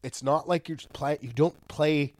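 A young man co-hosting a podcast, throwing in quick crude one-liners. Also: on the high side, fairly even intonation, a little mellow, dry recording. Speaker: podcast co-host. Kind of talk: crude casual chat.

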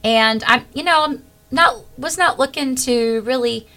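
A middle-aged woman, a guest, telling a personal faith testimony in an earnest, animated way. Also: high-pitched, a little slow.

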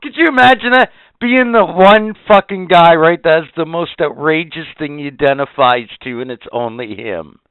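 A man's voice: a little high, normal speed, few pauses, clear, resonant tone, no room sound. A man co-hosting a casual podcast chat, ranting and swearing as he gets worked up. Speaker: podcast co-host. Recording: tinny phone-like sound, dry.

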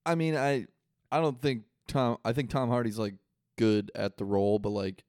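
A man's voice: medium pitch, fairly even intonation, normal speed, a little mellow, no echo, studio quality. A young man chatting casually as a podcast co-host, loose and profane with lots of fillers. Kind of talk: casual chat.

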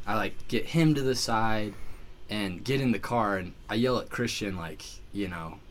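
Here the guest's lowish voice moves at normal speed, with a little hiss or hum in the recording. He spins his story animatedly, leaning on "like" over and over and starting sentences afresh.

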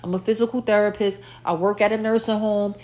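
A woman's voice: mid-range voice, steady tone, brisk, a little mellow. A woman hosting her own podcast in a rambling, casual solo chat, with lots of fillers and repeated lines, her mouth a little dry. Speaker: podcast host.

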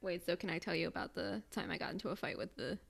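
A young woman tells a long story on a casual podcast. Her voice sits fairly low and turns gravelly with vocal fry. She swears freely and tells it with animated energy. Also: quick pace. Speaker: podcast co-host.

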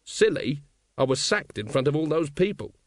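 A man voicing a bitter, weary male watch captain who speaks gruffly and dryly, in an audiobook reading. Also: fairly high pitch, sing-song, normal speed, dry recording, voice pushed up. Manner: gruff, dry.

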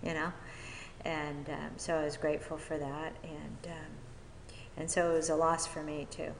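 A woman giving a personal testimony from a podium at a recovery meeting, talking haltingly with many fillers and restarts. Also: sits low, little pitch movement, gravelly, a little hiss or hum. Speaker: speaker sharing at a recovery meeting. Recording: echoey hall with long reverb.

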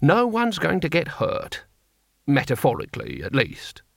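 Man playing a polite, calm ex-teacher, genteel and mild, tone rising and falling, dry sound. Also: a little high, a little slow, vocal fry, dry recording, full character voice. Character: mild polite male former schoolteacher.

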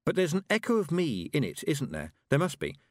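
An earnest young witch girl of about eleven, working through her ideas out loud, as a man puts her on. The voice sits higher than his own and moves lively. It is a dry, close recording. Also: fairly quick, no echo. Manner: earnest, searching for words.

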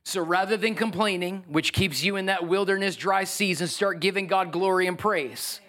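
A man preaching a lively sermon as pastor, acting out the voices of biblical figures. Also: sits high, normal speed.

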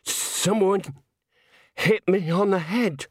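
A male narrator voicing a stunned male opera tenor who speaks slowly and groggily. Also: high voice, no room sound, clean studio sound, voice pushed up. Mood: dazed.

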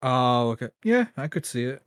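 A man's voice: mid-range voice, sing-song, moderate pace, smooth, no echo. A man co-hosting a podcast, chatting casually with dry, wry remarks. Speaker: podcast co-host. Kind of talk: casual chat.

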